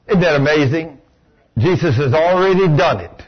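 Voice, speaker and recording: A man's voice: fairly high pitch, lively intonation, moderate pace, breathy edge. A man preaching a sermon in a folksy, emphatic way, acting out the voices he quotes. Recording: dull lo-fi recording.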